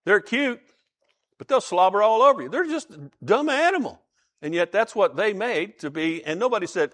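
A man's voice: high voice, sing-song, moderate pace, pauses often, fairly bright tone. A man preaching a sermon in a conversational way, asking his listeners questions and telling jokes. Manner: conversational, asks the audience questions, tells jokes.

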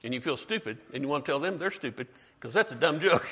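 A man's voice: on the high side, animated, a little fast, pushed and bright, husky. A man preaching a sermon in a conversational way, quizzing his congregation and slipping in joking asides. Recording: long hall reverb.

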